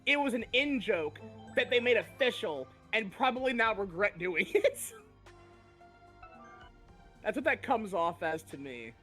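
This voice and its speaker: A woman's voice: medium pitch, a little slow, long pauses, faint music behind. A woman joining a game stream, chatting casually and riffing on silly jokes. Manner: animated, jokey, riffs on silly ideas. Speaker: co-op guest on a stream.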